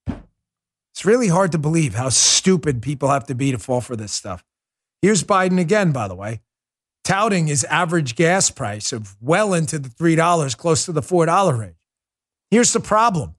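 A man's voice: a little high, big pitch swings, normal speed. A man hosting a political podcast, reading ads and ranting in heated, mocking commentary. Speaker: podcast host.

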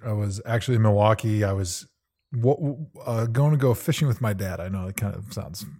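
A man with a fairly low voice talks in a relaxed, reflective way. He recalls memories and asks his co-host measured questions. He is in his thirties and co-hosting a podcast. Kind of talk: casual conversation.

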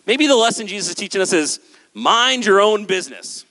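A man preaching a sermon on stage with a handheld microphone, animated and acting out the voices of listeners and Jesus. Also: high voice, fairly quick. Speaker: pastor. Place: large hall with a stage. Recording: hall with long reverb.

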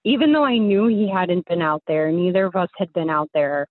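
A woman's voice: fairly low pitch, lively intonation, brisk, no room sound. A young woman caller casually telling a story, rambling with lots of fillers, heard over a tinny phone line.

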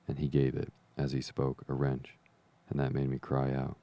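Deep gravelly audiobook narrator, a man. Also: monotone, normal speed, warm tone. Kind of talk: scripted narration.

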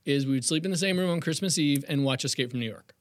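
Middle-aged male actor guest, lively anecdotes, voice sits a bit high, dry mic. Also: fast, no echo. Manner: animated storyteller, acts out quotes. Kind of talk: casual anecdote telling.

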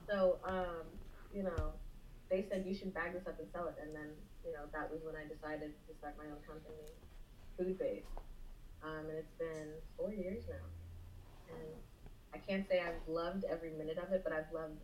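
A woman's voice: low-pitched, moderate pace. A woman from South Florida, a small business owner, telling her story as a podcast guest and acting out quoted voices. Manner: animated, acts out quotes. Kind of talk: interview storytelling. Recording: echoey room with faint noise.

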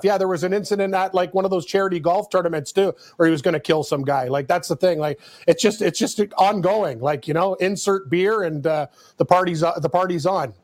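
A man co-hosting a sports podcast, chiming in with quick remarks and anecdotes. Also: high voice. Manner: chatty, quick interjections. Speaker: podcast co-host. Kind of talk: casual sports chat.

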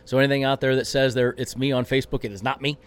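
A man answering interview questions in an energetic, brash way, rambling with restarts. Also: medium pitch, rapid-fire, clear, resonant tone. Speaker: racing driver guest.

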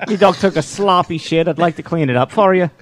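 A man's voice: on the high side, fairly quick, lightly acted. A man doing a comedic impression of an apologetic, rambling young fighter. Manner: apologetic, rambling, calls everyone lad. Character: chatty English male fighter, apologetic neighbor.

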